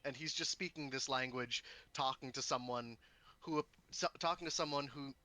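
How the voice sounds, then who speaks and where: A man playing a tabletop role-playing game, explaining his character's actions with frequent halting restarts. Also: mid-range voice, bright, forceful tone. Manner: halting, stumbling over words. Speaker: player. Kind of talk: casual tabletop play.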